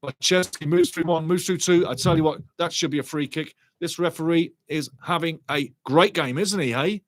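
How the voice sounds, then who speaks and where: Brief: excitable man, slightly high voice, dry close sound, live match commentary. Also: normal speed, no room sound. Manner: excitable, chatty, repeats catchphrases. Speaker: watch-along commentator.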